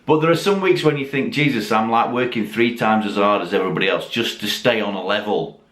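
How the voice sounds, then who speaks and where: A man's voice: on the low side, a little fast, a bit bright. A tipsy man, rambling, swearing and mocking himself as he chats to camera at home. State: tipsy from drinking. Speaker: YouTube channel host. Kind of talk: casual chat to camera. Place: dim room at home, lit by Christmas lights. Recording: echoey room with faint background noise.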